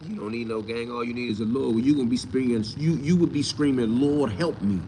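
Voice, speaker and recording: A man's voice: mid-range voice, fairly even intonation, quick pace, warm tone, a little hiss or hum. A man hosting his own channel, answering live chat in a casual, blunt and profane way, often mocking the commenters. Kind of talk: casual livestream talk.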